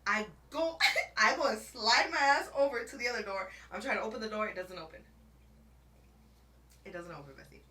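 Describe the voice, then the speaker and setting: A woman's voice: fairly high pitch, a little fast, pauses often, pushed and bright, roomy sound, far from the mic. A woman vlogger telling a dramatic story in a casual chat, laughing often and calling the viewer bestie while she paints her nails.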